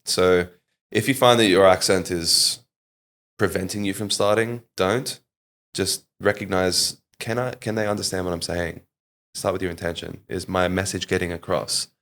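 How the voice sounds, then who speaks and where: A deep, low-pitched Australian man talking in a relaxed podcast interview. He tells stories with an easy, animated flow and drops in a "mate" now and then. His voice sits well below most men's. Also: normal speed. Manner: animated storyteller, leans on "like" and "mate". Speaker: public speaking coach.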